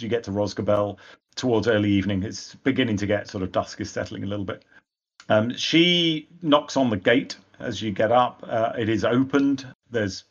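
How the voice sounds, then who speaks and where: Game master, low-pitched man, hesitant narrator, muffled recording. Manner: rambling, hesitant narration with fillers.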